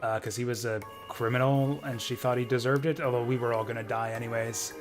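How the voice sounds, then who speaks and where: A man's voice: medium pitch, fairly even intonation, fairly quick, faint music behind. A man streaming a game, commenting casually and jokingly between reading dialogue aloud. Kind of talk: let's play commentary.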